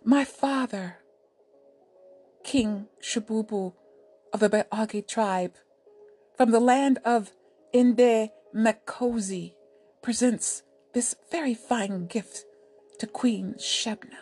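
A woman's voice: fairly high pitch, slow, long pauses, a little mellow, slightly rough, soft background music. A woman doing an earnest young warrior. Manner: earnest, pleading.

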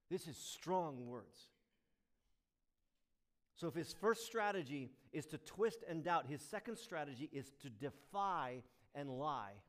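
A male pastor delivers an emphatic sermon, his voice pitched slightly high as it swings between loud, stressed lines and hushed asides.

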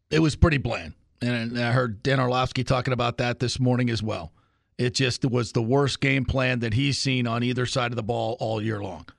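Gravelly, opinionated sports radio host man. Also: medium pitch, steady tone, normal speed, no room sound, studio quality. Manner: opinionated, emphatic, fired-up. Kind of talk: sports talk radio monologue.

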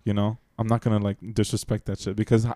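Rambling young man, low dry voice. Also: flat delivery, fast talker, mellow, dry recording. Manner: rambling, filler-heavy, apologetic, laughs often. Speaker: podcast co-host. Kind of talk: casual couple chat.

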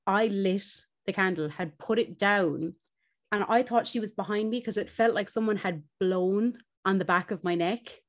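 A young Irish woman, a podcast co-host, telling a story in casual chat, animated and swearing, laughing as she goes. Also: medium pitch, moderate pace.

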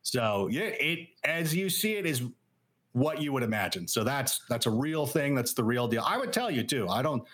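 A man being interviewed on a podcast, telling stories in a rambling, animated way with lots of fillers. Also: medium pitch, normal speed. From Los Angeles area. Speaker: guest analyst. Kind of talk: casual interview chat.

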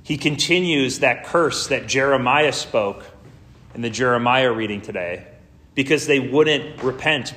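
A man's voice: medium pitch, a bit bright. A man preaching a sermon as pastor, in a casual, conversational way with slangy asides.

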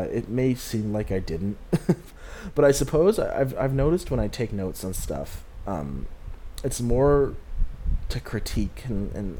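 A man's voice: lowish voice, dark tone, slight background noise. A young man giving a casual, rambling movie recap, chatty and full of filler words and little chuckles. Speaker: movie reviewer.

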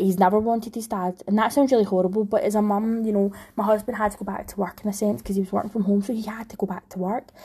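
A young woman with a Scottish accent talks candidly and at length, her thoughts tumbling out with many restarts. Her voice is mellow and warm, with a husky, breathy edge. She sounds like someone sharing a personal story straight to camera. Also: mid-range voice. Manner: rambling, heartfelt, frequent restarts. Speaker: vlogger, new mum.

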